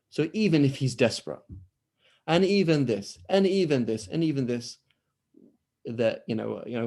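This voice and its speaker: An Islamic studies teacher with a warm, mid-range voice leads an online lesson over a video call. He takes questions conversationally and often performs the dialogue he's quoting.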